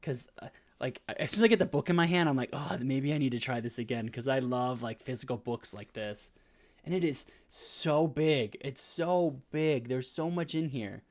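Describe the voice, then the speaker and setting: Man, thirties, podcast co-host, casual rambling chat, everyday mid pitch, filler-heavy storytelling. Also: brisk.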